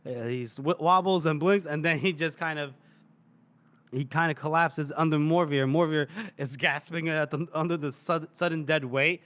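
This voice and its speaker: Animated, higher-voiced podcast co-host man. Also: normal speed. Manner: animated storytelling, laughing often. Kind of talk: casual book-discussion chat.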